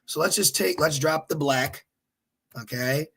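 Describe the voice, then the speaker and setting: A man teaching his listeners informally while searching online, animated and exhorting, repeatedly checking with "okay?". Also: a little high, measured pace, creaky, husky. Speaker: religious teacher.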